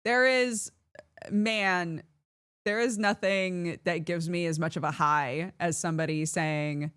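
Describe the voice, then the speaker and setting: A woman streamer in casual chat with viewers, animated and laughing often as she reads chat aloud. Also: on the low side, slow, clean tone, no room sound, clean studio sound.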